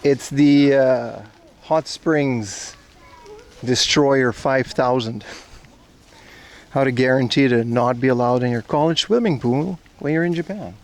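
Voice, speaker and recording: A streamer from Aruba, speaking slowly in a mid-range voice, hangs out at a zoo park on a casual IRL livestream. He jokes around and swears as he talks to his viewers.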